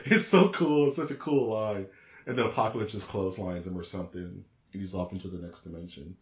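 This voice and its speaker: A man co-hosting a podcast in casual chat, talking in an excitable, rambling, slangy way. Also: low voice, a little fast, roomy sound, lo-fi sound. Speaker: podcast co-host.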